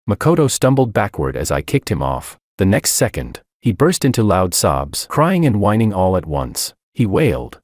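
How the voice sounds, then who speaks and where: A man's voice: low voice, huge pitch swings, moderate pace, few pauses, dry recording, studio quality. A man narrating a first-person story in a cold, mocking, unmoved manner.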